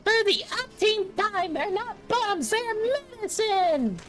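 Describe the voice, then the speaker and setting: A man voicing a flustered, nervous young woman assistant with a squeaky, pleading voice. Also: sing-song, slow pace, fairly bright tone, faint music behind, exaggerated voice. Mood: exasperated.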